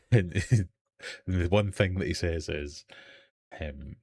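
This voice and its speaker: A man's voice: low voice, takes it slowly, mellow, a little hiss or hum. A man hosting a casual live stream from his fish room, rambling and self-deprecating as he chats and runs a quiz. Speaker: host of a live fishkeeping hangout stream.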